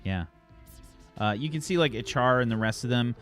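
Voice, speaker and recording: A man's voice: medium pitch, lively intonation, normal speed, a bit bright, soft background music. A man narrating a tabletop game as game master in a casual, rambling way.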